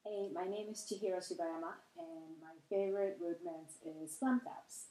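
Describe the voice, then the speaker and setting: A female percussionist calmly explaining how to practise a drum rudiment. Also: on the low side, moderate pace. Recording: echoey room with music.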